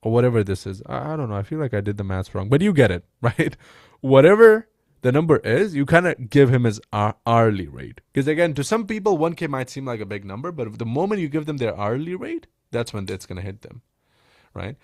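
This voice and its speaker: An animated man with a pitch that leaps up and down as he coaches on sales. He talks in a loose, slangy way, checking in with "right?" and calling people "bro". The sound is dry and close. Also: fairly quick, no echo. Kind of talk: casual coaching breakdown.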